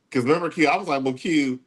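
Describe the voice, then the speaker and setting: A man dishes opinions in a sassy, animated way. He slips into mocking impressions and sings snatches of tunes. His voice sits at an everyday middle pitch. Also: husky. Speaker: podcast co-host. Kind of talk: casual commentary chat.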